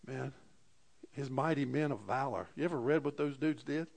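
A man preaching a sermon to a congregation, impassioned, repeating amen, with sudden swings between loud bursts and quiet asides. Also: mid-range voice, normal speed, creaky. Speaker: pastor.

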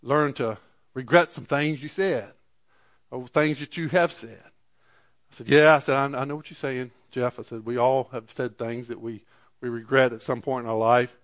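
A man's voice: mid-range voice, steady tone, normal speed. A middle-aged male pastor preaching a sermon, telling a story in an earnest way and rising to fervent preaching.

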